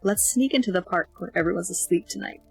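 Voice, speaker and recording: A woman's voice: lowish voice, quick pace, breathy edge, soft background music. A woman voicing a teasing, adventurous teen boy. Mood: playful, coaxing. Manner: coaxing, playful.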